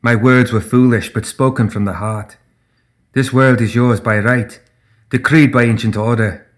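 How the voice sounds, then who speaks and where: An earnest, fiercely loyal tree-spirit servant woman, put on by a man in an audiobook. Her voice runs a little higher than the narration, eager and pleading with a hard edge. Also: steady tone, measured pace, close to an everyday voice.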